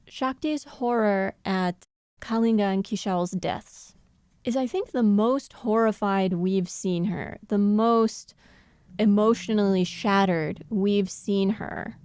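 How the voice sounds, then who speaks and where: Podcast co-host, woman, thoughtful and quick to laugh, clean smooth tone. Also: medium pitch, a little mellow, dry recording, clean studio sound. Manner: thoughtful, laughs often while explaining. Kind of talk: casual analytical chat.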